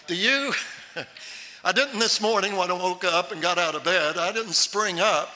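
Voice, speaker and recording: A man preaching a sermon as pastor, animated and acting out the Bible voices. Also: high voice, slow, long reverb tail.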